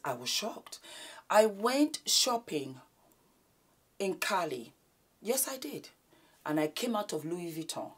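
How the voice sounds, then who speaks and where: A woman hosts an etiquette vlog in a low, unhurried voice. She swings from big, loud greetings to soft, hushed demonstrations, speaking slowly and carefully to her viewers. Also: slightly rough. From Nigeria. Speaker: etiquette vlogger. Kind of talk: casual etiquette lesson to camera.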